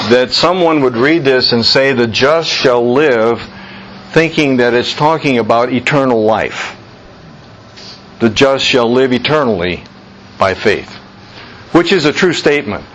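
Male Bible study teacher, measured and slow, repeats for emphasis; light room noise. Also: medium pitch, fairly bright tone, dull audio. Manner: slow, deliberate, repeats key phrases for emphasis.

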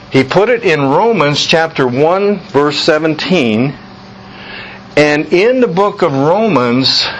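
Male Bible study teacher, measured and slow, repeats for emphasis; light room noise. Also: a little high, fairly bright tone, lo-fi sound. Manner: slow, deliberate, repeats key phrases for emphasis.

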